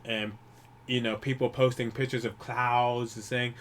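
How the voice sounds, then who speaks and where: A man grieving while talking alone to the camera, rambling and swearing often, with many restarts and pauses. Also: medium pitch, flat delivery, fairly bright tone. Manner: profane, rambling, frequent restarts. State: grieving, holding back tears. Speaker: YouTuber. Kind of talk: personal vlog monologue.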